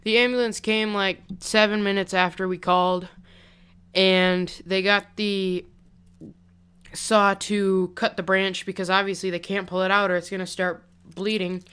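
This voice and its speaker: A man's voice: sits high, flat delivery, measured pace, bright, forceful tone, clean tone. A young man casually telling a story on his vlog, rambling and chatty with lots of "like", into a pop-filtered desk mic. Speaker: vlogger.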